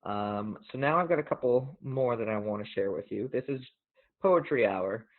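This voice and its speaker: A man hosting a show, talking casually in an earnest, reflective way and reading poems aloud, gently emotional. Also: mid-range voice, moderate pace. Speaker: podcast host. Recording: tinny phone-like audio.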